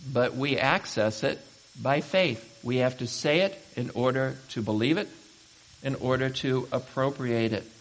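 Emphatic preacher in a reverberant hall. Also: male voice, mid-range voice. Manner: emphatic, rising to loud exhortation. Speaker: pastor. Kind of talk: sermon.

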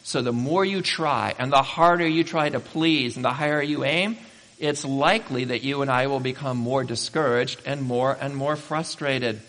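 A man preaching a sermon as pastor, emphatic and building to loud exhortation. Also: mid-range voice, normal speed. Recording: reverberant hall.

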